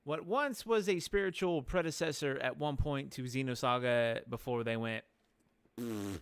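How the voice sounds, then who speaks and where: A man's voice: mid-range voice, moderate pace, clean tone, no echo. A man streaming a game live, chatting playfully and joking with his chat.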